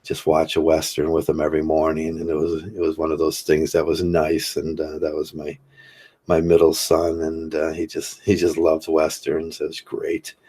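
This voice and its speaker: An older man hosting a livestream, talking casually in a rambling, halting way with many fillers while he reads chat comments. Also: very deep voice, completely flat delivery, dark tone, husky. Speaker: livestream host.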